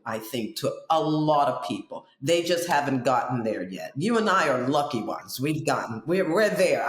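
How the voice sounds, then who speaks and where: Animated woman host in a roomy space. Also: low-pitched. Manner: animated, digressive storytelling. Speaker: podcast host. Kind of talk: casual interview chat.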